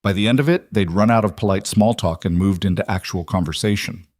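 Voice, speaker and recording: A man reading a western story aloud in a measured, scripted narration. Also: fairly low pitch, darkish tone, no room sound, studio quality.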